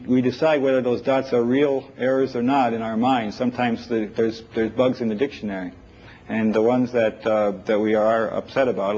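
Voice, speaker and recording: A man's voice: fairly low pitch, darkish tone, slight background noise. A man giving a live technical lecture, thinking aloud and taking questions from the audience, on an old 1980s lecture recording. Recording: dull lo-fi 1980s lecture tape.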